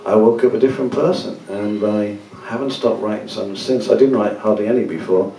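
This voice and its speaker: A man's voice: on the low side, a little fast, creaky, mellow, a little hiss or hum. A man, telling rambling, laughing anecdotes to an audience at a gallery event. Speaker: musician speaking at a book event. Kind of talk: casual talk to an audience. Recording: echoey room from far off.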